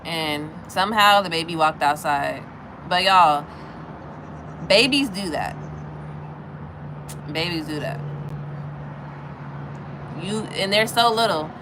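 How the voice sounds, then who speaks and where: A woman in her thirties chatting casually with viewers, telling a story in an animated way. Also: takes it slowly, long pauses, noisy background. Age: 30s. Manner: animated, acts out other people's lines in a high voice.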